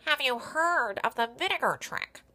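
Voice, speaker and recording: A woman voicing a calm, knowing neighbor woman who gives matter-of-fact advice. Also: high voice, moderate pace, pitched above the performer's own voice.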